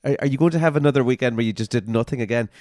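A man's voice: mid-range voice, rapid-fire, a little mellow, dry recording, studio quality. Teasing man in banter. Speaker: podcast co-host. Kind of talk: casual chat.

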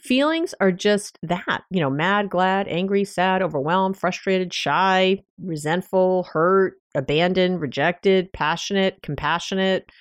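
A woman's voice: lowish voice, unhurried, hardly any pauses, clean tone, no room sound. A woman, a couples therapist hosting her own podcast, talking relationship advice in a conversational, anecdotal way with small laughs and restarts. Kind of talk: solo podcast advice talk.

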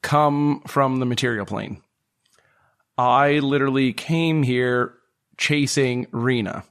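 A man's voice: medium pitch, takes it slowly, fairly bright tone, clear, resonant tone. A man voicing a lovesick adventurer who pleads earnestly for news of someone dear. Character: lovesick adventurer searching for a loved one.

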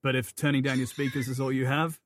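A man who narrates audiobooks, chatting as a podcast guest with quick, self-deprecating wit. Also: mid-range voice, little pitch movement, dry recording, studio quality. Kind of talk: casual chat.

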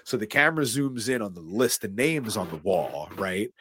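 A man with a somewhat low voice retells a film scene by scene for his podcast, acting out the characters' lines as he goes. His talk is loose and casual, with the odd swear word. The sound is dry and close, with no room around it. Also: moderate pace, breathy edge, no echo. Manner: animated storyteller, acts out quotes and swears casually. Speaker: podcast co-host recapping a film. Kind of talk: casual chat, scene-by-scene recap.

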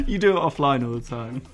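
A man co-hosting a podcast, bantering and swearing while laughing. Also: medium pitch. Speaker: podcast co-host. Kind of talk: casual chat.

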